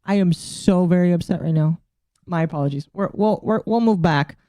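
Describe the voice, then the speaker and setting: A woman streaming live in easy, casual chat with her audience, her voice mellow and low-key in tone. She sounds flustered and exasperated, muttering to herself as she works through technical settings. The sound is close and dry, with no room around it. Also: moderate pace, no echo. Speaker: VTuber streamer.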